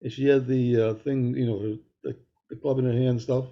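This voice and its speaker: A man's voice: medium pitch, steady tone, brisk, dull audio. A middle-aged man co-hosting a podcast, telling a rambling story in casual chat. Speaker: podcast co-host.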